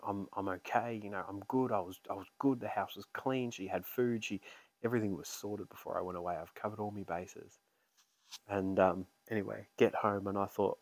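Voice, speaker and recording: A man in his mid twenties tells a story on a podcast in a laid-back, joking way, swearing now and then. His voice is low and the sound is dry and close, with little room around it. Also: steady tone, brisk, no room sound. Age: 20s. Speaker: podcast co-host. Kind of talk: casual chat.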